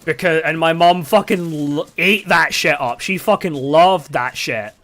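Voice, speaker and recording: A man's voice: a little high, unhurried, fairly bright tone. A young man from the UK chatting casually and rambling, with lots of fillers and swearing, while streaming a game. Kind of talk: casual storytelling while gaming.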